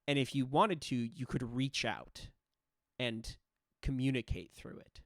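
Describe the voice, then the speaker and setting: A man's voice: mid-range voice, measured pace, no room sound, studio quality. Man narrating as game master. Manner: descriptive narration with frequent "uh" fillers. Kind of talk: narrating a tabletop role-playing game.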